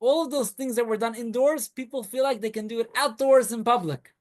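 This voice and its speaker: A man, a rabbi, giving a weekly Torah class to students in a classroom. He tells stories with energy and trades quick remarks with his listeners. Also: very high voice. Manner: animated storytelling, talks with students.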